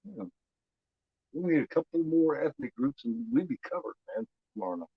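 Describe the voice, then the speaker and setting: A man's voice: a little high, huge pitch swings, brisk, vocal fry, slightly rough, no room sound, phone-quality sound. A man from Indiana with a Midwestern American accent, hosting a movie watch-along stream in loose casual chat, rambling and repeating his words. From United States.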